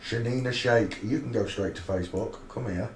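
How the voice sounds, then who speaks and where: A man's voice: lowish voice, moderate pace. Scornful man, rambling stream host. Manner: rambling, scornful, crude banter with asides. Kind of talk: mocking live-stream commentary. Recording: roomy echo, faint noise.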